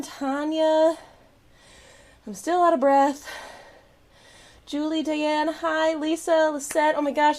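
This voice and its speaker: Bubbly woman doing a live craft stream, kinda high voice, talks slow and chatty. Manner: bubbly and chatty, greeting viewers by name. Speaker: craft channel host. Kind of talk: casual live-stream chat.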